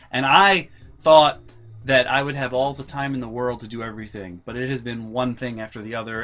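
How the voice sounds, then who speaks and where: A young man vlogging a storytime, telling family anecdotes in an animated, sweary, casual way. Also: medium pitch. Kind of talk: storytime vlog.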